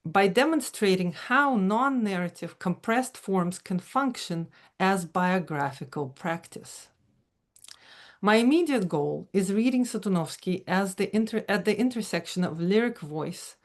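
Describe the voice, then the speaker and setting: A woman giving a prepared academic lecture, measured and careful, with occasional fillers and self-corrections. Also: lowish voice. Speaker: academic speaker.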